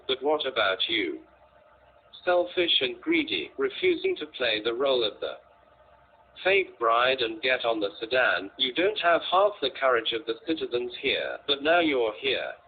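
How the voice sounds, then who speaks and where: A man voicing a bullying young mob boss who talks down to a girl with scorn, heard over a tinny line. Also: medium pitch. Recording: tinny, lo-fi, faint noise.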